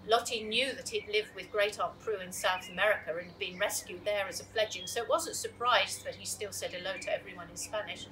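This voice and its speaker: A woman reads a children's chapter book aloud in a lively, expressive storytelling voice of middling pitch. The recording sits a little far from the mic, with a clear steady hiss behind it. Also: fairly quick, few pauses. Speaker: children's author reading aloud. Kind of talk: storybook reading.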